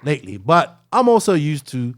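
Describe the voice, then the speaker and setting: In casual podcast conversation, a man with a fairly high voice tells a long travel story at a moderate pace. He rambles with animation, tagging his lines with "right?" and "like".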